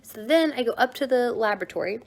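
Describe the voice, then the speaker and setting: A young American woman vlogging, retelling events in a chatty, animated way with lots of "like" fillers. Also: fairly high pitch, fast, gravelly. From United States. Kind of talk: casual storytelling.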